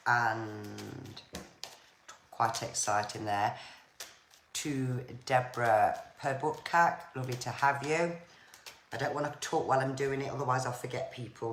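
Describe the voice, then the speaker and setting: A woman's voice: rumbling low, unhurried. Woman giving psychic readings, roomy. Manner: gentle, repetitive, pads phrases with "here" and "there". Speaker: psychic medium. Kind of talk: live-streamed card and spirit readings. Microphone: phone or webcam on a live stream. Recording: roomy echo, faint noise.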